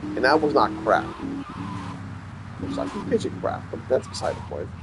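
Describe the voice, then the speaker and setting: Animated, profane man ranting over gameplay. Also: medium pitch, moderate pace. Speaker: let's play gamer. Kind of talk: casual gameplay commentary. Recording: game gunfire and noise behind voice.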